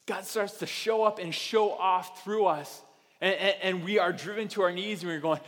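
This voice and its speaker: A man preaching a sermon in an animated, self-deprecating way, acting out the voices he quotes, in a church auditorium. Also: sits high, moderate pace. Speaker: pastor. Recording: reverberant hall.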